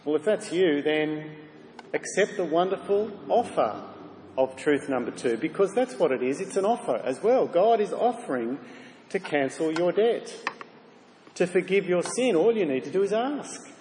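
A man's voice: fairly high pitch, expressive, moderate pace, a little mellow, slight background noise. A man preaching a sermon, speaking earnestly and directly to his listeners with rhetorical questions. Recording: reverberant hall, faint ambience.

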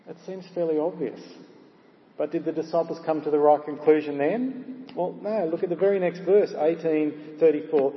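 A man's voice: fairly high pitch, moderate pace, a little hiss or hum. A man preaching a sermon in a conversational, storytelling way, with frequent filler sounds. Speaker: pastor. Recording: echoey hall, dull lo-fi sound.

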